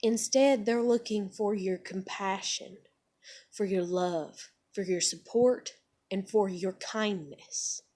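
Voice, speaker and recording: A woman's voice: mid-range voice, slow, mellow. A woman in her thirties ranting angrily in a video blog, swearing a lot and filling her talk with "like". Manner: heavy swearing, filler "like". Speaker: vlogger. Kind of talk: angry opinion rant to camera.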